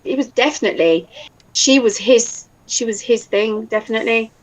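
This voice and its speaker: A woman's voice: on the high side, moderate pace, poor audio. An English woman in casual chat, talkative and laughing often, now and then swearing. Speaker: voice actor guest.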